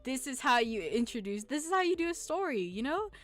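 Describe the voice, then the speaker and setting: Brief: young woman streamer, higher voice, chatty and slangy, faint game music underneath. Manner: excitable, chatty, slangy, quick to laugh and groan. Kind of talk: casual live-stream gameplay commentary.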